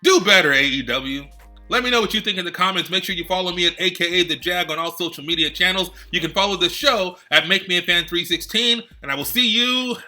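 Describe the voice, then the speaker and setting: A man hosts a heated wrestling rant, speaking high and with a very bright edge. He turns sarcastic and fires rhetorical questions at the viewers. Light music plays underneath. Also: brisk. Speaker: host of a wrestling rant segment.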